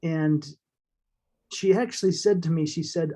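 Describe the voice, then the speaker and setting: A man as an interview guest, telling a personal story in a halting, heartfelt way with fillers and restarts. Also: on the high side, warm tone.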